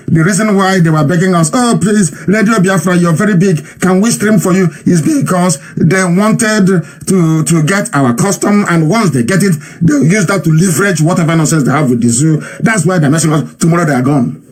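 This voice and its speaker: A fairly high-voiced man with a Nigerian accent and a husky edge hosts a live radio broadcast. He talks in an impassioned, mocking way and hammers his points home by repeating them. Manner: mocking, repetitive, emphatic.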